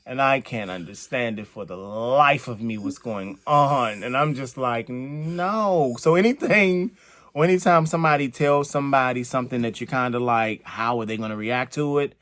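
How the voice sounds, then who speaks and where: A man's voice: medium pitch, normal speed, fairly bright tone. A man co-hosting a storytime chat, playful and chatty, with teasing asides and laughter. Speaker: co-host.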